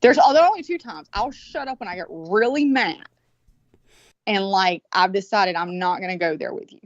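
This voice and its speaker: A woman's voice: mid-range voice, expressive, normal speed, no echo. A woman with a Southern US accent, telling a rambling story in casual chat in a blunt, profane way. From American South. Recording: dull, lo-fi sound.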